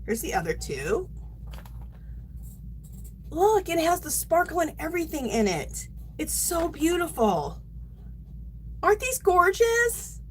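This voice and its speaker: A woman's voice: sits high, sing-song, unhurried, long pauses, darkish tone, slight background noise, rough recording. A middle-aged woman hosting a yarn craft livestream, gushing and chatting casually to her viewers.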